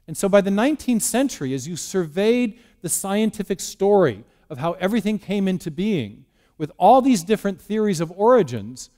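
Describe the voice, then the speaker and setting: Slightly high-voiced man giving a lecture. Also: a little mellow. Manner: conversational, with frequent ums and uhs, addressing the audience directly. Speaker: guest speaker. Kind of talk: public lecture to a live audience. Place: church.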